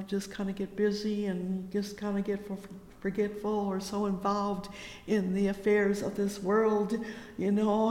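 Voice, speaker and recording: A preacher delivering a sermon with fervent, drawn-out cries of "oh yes" and "oh my". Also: mid-range voice, darkish tone, echoey room, in a large hall.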